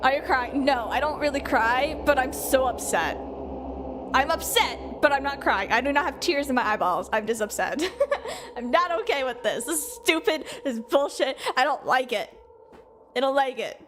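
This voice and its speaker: A woman's voice: sits high, lively intonation, moderate pace. A woman streamer reacting to a game, emotional and swearing, laughing often. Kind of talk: gameplay reaction commentary. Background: game music.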